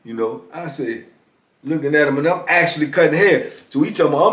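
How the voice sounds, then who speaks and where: A man's voice: on the high side, quick pace, fairly bright tone. A middle-aged man casually telling a story, often checking in with "you know what I'm saying.". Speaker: vlogger telling prison stories. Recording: echoey room.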